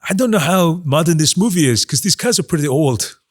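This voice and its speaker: A man co-hosting a comedy podcast, talking in a deadpan, earnestly silly way. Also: a little high, fairly quick, dry recording, studio quality.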